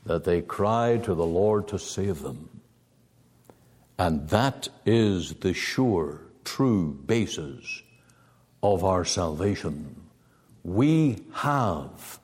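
A male preacher delivering a sermon with emphatic rises to loud peaks and slow, low drops, possibly. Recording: long hall reverb.

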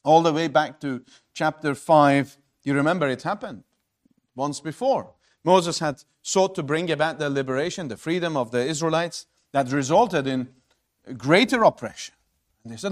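A man preaching a sermon, emphatic and swinging between loud and hushed delivery, asking rhetorical questions and calling his listeners friends. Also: on the high side, moderate pace.

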